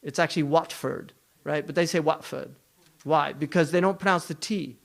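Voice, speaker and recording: A man's voice: a little high, fast, vocal fry. A man giving a religious lecture, emphatic, running through long lists and asking rhetorical questions. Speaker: Islamic scholar lecturing.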